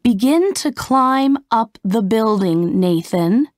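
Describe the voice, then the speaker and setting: An adult male film director, as a woman storyteller reads him, calls out orders in a raised, emphatic voice. The delivery is slow and deliberate, and it is recorded close and dry. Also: fairly high pitch, expressive, no echo, pitched above the performer's own voice. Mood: directing. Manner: calls out instructions in a lifted, emphatic voice.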